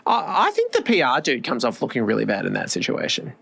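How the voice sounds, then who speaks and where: Low gravelly-voiced woman co-host. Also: huge pitch swings, brisk, a bit bright. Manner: hesitant, restarts. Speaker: podcast co-host. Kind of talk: casual chat.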